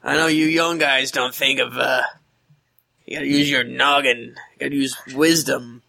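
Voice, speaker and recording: A man's voice: mid-range voice, steady tone, moderate pace, gravelly, bright, forceful tone, no echo. A man playing a tabletop game, goofy and joking, often laughing. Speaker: player. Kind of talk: casual tabletop game play.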